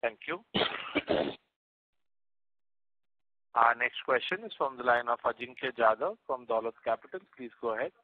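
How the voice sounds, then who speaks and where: A man's voice: medium pitch, lively intonation, unhurried, pauses often, no room sound. A man moderating a conference call in polite, formal phrases. The sound is dry and close, and it comes over a phone-like line. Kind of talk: scripted moderating.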